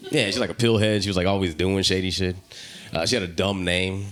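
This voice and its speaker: Stand-up comic, young man, low voice, crude brash delivery, ranting bits, noisy live room on a stage mic. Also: steady tone, fairly quick. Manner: brash, crude, rising to shouted rants. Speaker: stand-up comedian. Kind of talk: stand-up comedy set. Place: comedy club stage with a laughing audience.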